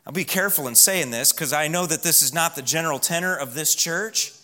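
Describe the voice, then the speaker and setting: A man preaching a sermon as pastor in a church, emphatic, slowing down and dropping to a hush on key words. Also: on the high side.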